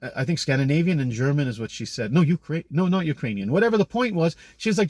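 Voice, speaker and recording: A man's voice: medium pitch, sing-song, fast talker, few pauses, a little mellow, no echo. A man talking in a casual monologue, rambling and opinionated, often correcting himself mid-sentence. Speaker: commentator.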